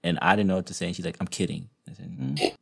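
Deep gravelly man, husky and rambling. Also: fast, a bit bright. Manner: rambling, self-interrupting storyteller with frequent restarts. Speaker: podcast host. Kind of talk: casual podcast chat.

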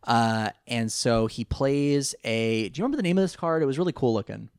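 A man's voice: medium pitch, fairly quick, clean tone, no echo, clean studio sound. A man casually recapping a cartoon episode, rambling and acting out the characters' lines. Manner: rambling, animated retelling with put-on quotes. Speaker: podcast co-host recapping a cartoon. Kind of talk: casual chat.

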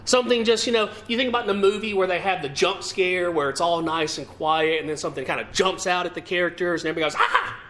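A man's voice: high voice, fast talker, hardly any pauses, fairly bright tone. A man preaching a sermon to a congregation, asking them questions and reading scripture with emphatic, rising and falling delivery.

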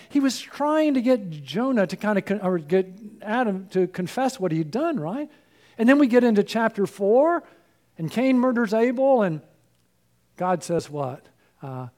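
High-voiced preacher losing his voice. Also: expressive, a little slow. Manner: earnest, rhetorical questions, swings from loud to hushed. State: losing his voice, throat clearing. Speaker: pastor. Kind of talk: sermon.

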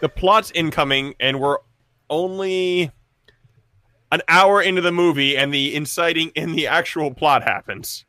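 A man from New Orleans co-hosting a movie watch-along podcast, excitable and quick to laugh. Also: fairly high pitch, dry recording. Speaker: podcast co-host. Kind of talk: casual watch-along commentary.

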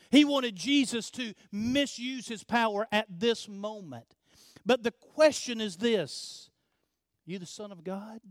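A man preaching a sermon earnestly, repeating his phrases, asking rhetorical questions and dropping to a hush at the ends of lines. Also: high voice, no room sound, clean studio sound. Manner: drops to a hush at the end of phrases. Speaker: pastor.

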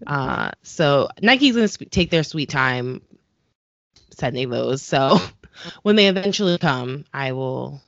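Low-voiced chatty woman, dull dry sound. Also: animated, slow pace, gravelly, a bit bright, no room sound. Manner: chatty, frequent "like" fillers. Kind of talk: casual chat about sneakers.

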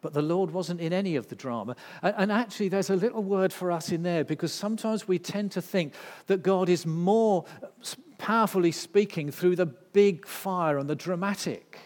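A man preaching a sermon, swinging from loud, intense passages to hushed ones. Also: high voice, normal speed, hardly any pauses. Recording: long reverb of a hall.

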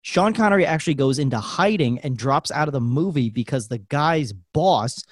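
A man telling a story on a podcast, his pitch swinging widely as he talks. The sound is dry and close to the mic. He swears freely and laughs often. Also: expressive, normal speed, no echo. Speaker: podcast co-host. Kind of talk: casual chat.

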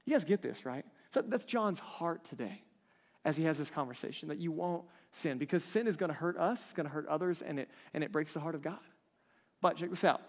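A man's voice: a little high, expressive, fairly quick. A man in his thirties preaching a conversational sermon, often checking in with his listeners. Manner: conversational, keeps checking in with the crowd. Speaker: pastor. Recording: long reverb of a large hall.

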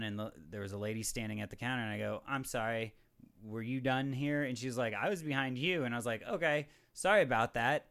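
A man's voice: fairly low pitch, gravelly, smooth. A young man co-hosting a podcast, telling a rambling, profane story full of fillers and quoted back-and-forth. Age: young adult. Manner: rambling, profane, animated retelling with many fillers. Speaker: podcast co-host. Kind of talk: casual storytelling chat.

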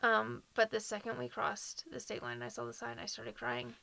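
A woman's voice: on the high side, little pitch movement, moderate pace, gravelly, sharp tone, no room sound. A woman from Nashville with a Southern accent, co-hosting a podcast in casual, earnest, emotional chat. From Nashville, Tennessee. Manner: earnest, emotional, laughs easily. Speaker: podcast co-host.

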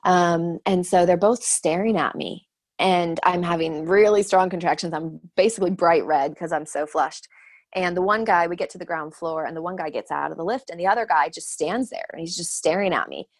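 A woman in her thirties telling a story in casual chat, animated and laughing often, acting out the voices she quotes. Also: fairly low pitch, moderate pace. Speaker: guest sharing her birth stories.

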